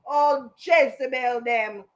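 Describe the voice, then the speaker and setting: Woman, high voice, live-stream storytelling, indignant, emphatic, patois. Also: slow. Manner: slips into patois.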